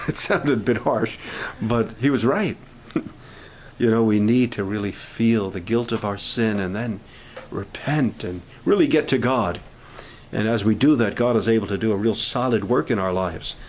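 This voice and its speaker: A man leading a camp prayer meeting, speaking in an informal, halting sermon style with restarts and growing fervor. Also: on the low side, darkish tone, slight background noise, rough recording.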